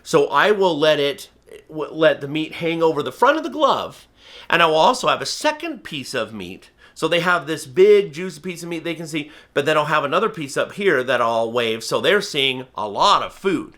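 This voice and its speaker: Bright, energetic man teaching falconry. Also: fairly high pitch, normal speed. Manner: energetic, emphatic, acts out bird and viewer voices. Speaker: falconry instructor. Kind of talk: instructional talk to camera.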